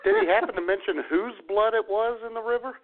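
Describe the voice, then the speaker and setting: A male co-host in casual chat who answers with quick reactions and laughs. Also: very high-pitched, sing-song. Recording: phone-quality audio.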